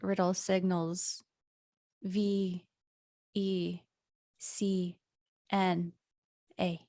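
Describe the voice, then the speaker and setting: A woman's voice: fairly low pitch, level tone, extremely slow, mellow, dry recording, studio quality. A woman playing a tabletop game, speaking hesitantly. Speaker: player.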